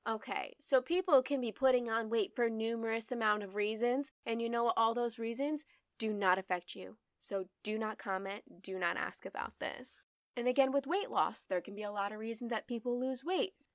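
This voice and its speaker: A woman's voice: on the high side, moderate pace, no room sound, clean studio sound. A young woman hosting her own podcast, talking bluntly and emphatically, swearing freely and repeating her points to drive them home. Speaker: podcast host. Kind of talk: solo podcast monologue.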